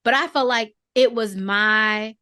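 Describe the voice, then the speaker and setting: A woman's voice: fairly high pitch, smooth, dry recording, studio quality. Earnest woman telling a personal story. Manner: reflective and earnest, often slows down to choose words; holding back emotion, softening at tender moments. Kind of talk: personal storytelling in a podcast conversation.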